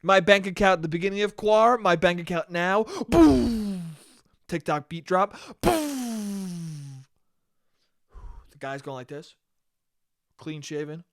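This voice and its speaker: A man's voice: high-pitched, steady tone, moderate pace, fairly bright tone, clean tone, no room sound, studio quality. A young man hosting a solo comedy podcast, rambling and profane, laughing at his own jokes. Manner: slips into mock voices. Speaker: podcast host.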